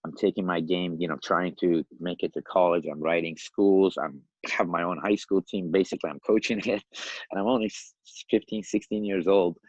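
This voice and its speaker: A man in his fifties from Iran, a podcast guest telling his life story in a lively, animated way, often laughing and acting out the voices of other people. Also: low voice, normal speed, no room sound, lo-fi sound. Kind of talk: casual storytelling.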